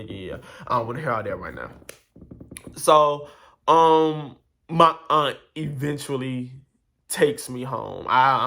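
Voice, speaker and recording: Guy vlogging a storytime, bright tense voice, rambly and fed up, lots of asides. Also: medium pitch. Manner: rambling, animated, exasperated retelling with many asides. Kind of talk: casual storytime monologue.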